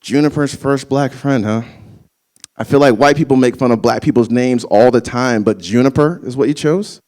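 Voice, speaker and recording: A man's voice: mid-range voice, normal speed, a little mellow. A young man working a crowd in a stand-up set, talking loosely and swearing freely as he spins his stories. His delivery is casual and conversational, in a live comedy venue. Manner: loose, profane, conversational storytelling.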